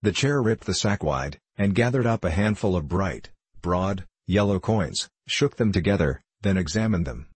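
A male audiobook narrator telling a classic story in a measured, even way. His voice is low with a husky grain, recorded close and dry. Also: dry recording.

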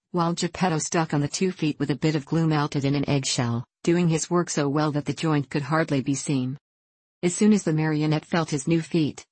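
A woman narrating a children's storybook in a steady, measured reading voice. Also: deep voice, breathy edge, no echo. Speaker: audiobook narrator.

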